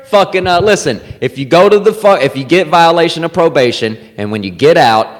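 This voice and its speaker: A man with a slightly high voice talks briskly as he hosts a podcast, telling stories in a loose, animated chat full of swearing. It's recorded in a comedy club, with long reverb from the room.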